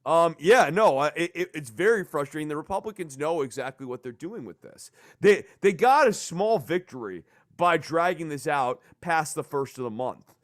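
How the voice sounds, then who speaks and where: A man hosting a casual political podcast, talking in a rambling, animated way and swearing for emphasis. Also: a little high, normal speed, few pauses, no room sound, clean studio sound. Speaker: podcast host.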